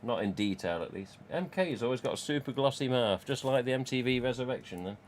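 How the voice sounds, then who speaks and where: A man's voice: mid-range voice, animated, fairly quick, slight background noise. A man, casually chatting and rambling on a live stream from home. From England. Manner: rambling, chatty, reads out chat.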